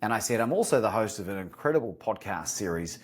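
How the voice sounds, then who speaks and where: A man's voice: lowish voice, animated, fast talker, breathy edge. An Australian man, a guest on an interview podcast, telling a story and acting out phone calls.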